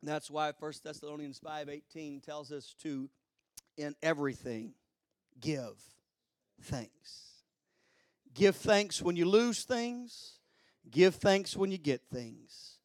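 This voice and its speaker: A man with a high, smooth voice preaches a sermon on a dry, close recording. He drops to hushed asides, then climbs into shouted preaching full of hallelujahs. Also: unhurried, no room sound. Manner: exclaims hallelujah and glory often.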